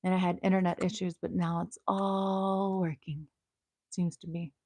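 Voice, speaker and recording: A young woman hosting a casual home livestream, chatting playfully and drifting into soft murmurs, recorded on a small clip-on mic. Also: lowish voice, level tone, moderate pace, dry recording. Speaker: host.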